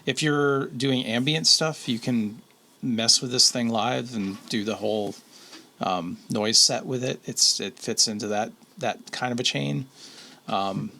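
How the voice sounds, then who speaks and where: A man chatting as a podcast guest, his voice gravelly with a bright, sharp edge. He rambles and hesitates, filling gaps with ums. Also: medium pitch, unhurried. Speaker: guest, pedal maker. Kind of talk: casual chat.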